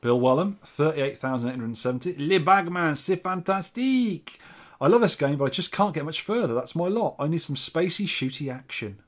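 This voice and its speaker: A man hosting a laid-back podcast about old arcade games. He reads out listener scores with dry, teasing asides. His pitch sits in an ordinary middle range for a man. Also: lively intonation, quick pace, few pauses. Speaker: podcast host. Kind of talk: casual podcast chat.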